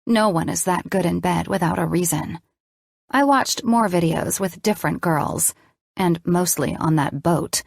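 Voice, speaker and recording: A woman narrating a romance novel in the first person, steady and measured. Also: fairly low pitch, vocal fry, dry recording, studio quality. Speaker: audiobook narrator.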